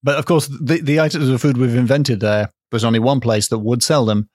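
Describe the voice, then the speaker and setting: A man's voice: medium pitch, steady tone, fairly quick, a little mellow, no room sound, clean studio sound. A British man co-hosting a comedy podcast, riffing playfully and laughing often. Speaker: podcast co-host. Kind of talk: casual comedic chat.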